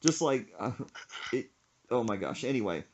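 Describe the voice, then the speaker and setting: A man's voice: medium pitch, normal speed. A man hosting a casual chat podcast, telling a story with frequent laughs and acted-out quotes. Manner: animated, laughs often, acts out quotes. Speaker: podcast host.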